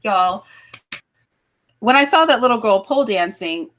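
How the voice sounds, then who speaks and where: Woman hosting a live talk stream, chatty and laughing a lot, talks to the chat, middle pitch. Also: expressive, a little slow, fairly bright tone. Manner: chatty, laughing, thinking aloud. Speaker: livestream talk show host. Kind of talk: casual chat with callers and live chat.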